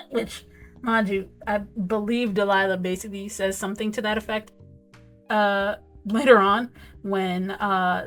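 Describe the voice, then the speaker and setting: Emphatic woman reviewing a movie. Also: medium pitch. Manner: animated, emphatic, repeats "okay?" and "whatever". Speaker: film reviewer, host. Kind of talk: casual movie review chat.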